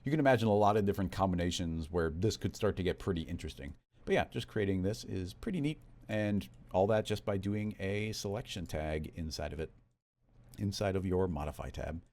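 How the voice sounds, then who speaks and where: A man walking through a software tutorial in a relaxed, conversational step-by-step way. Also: deep voice, a little fast. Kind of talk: screen-recorded software tutorial.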